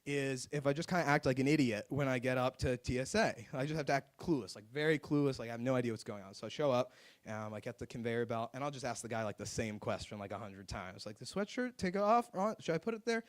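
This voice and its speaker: On a live music club stage, a young man performs open mic stand-up, rambling, mocking himself and saying "like" a lot. He talks fast with a medium-pitched voice.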